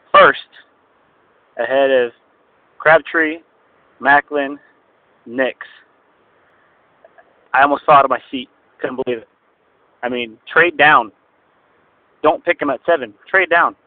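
Ranting fan caller on a tinny phone line. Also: male voice, fairly high pitch, dry recording. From Central Valley, California. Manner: frustrated, ranting, blunt.

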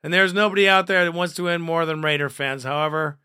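A man hosting a fan podcast, reading listener comments aloud in a profane, excitable way and laughing often. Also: on the high side, fast, clean tone, no echo, clean studio sound.

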